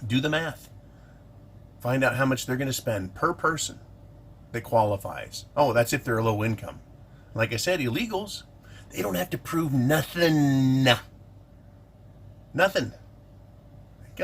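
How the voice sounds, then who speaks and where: A man's voice: mid-range voice, lively intonation, unhurried, long pauses, a little hiss or hum. A middle-aged man ranting in an indignant, sarcastic vlog monologue about politics. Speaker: political commentator.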